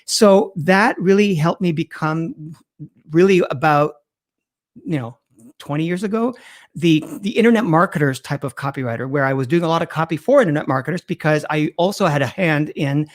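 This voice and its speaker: A middle-aged man, a guest copywriter, talking in an interview with animated emphasis and frequent restarts. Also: fairly high pitch, moderate pace. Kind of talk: interview conversation.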